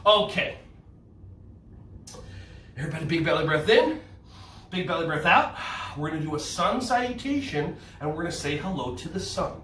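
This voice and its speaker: A man's voice: a little high, expressive, moderate pace, pauses often, pushed and bright, echoey room, far from the mic, slight background noise. A man from New Jersey with a New Jersey accent, leading a playful children's yoga class indoors and cheering the kids on. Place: indoor room.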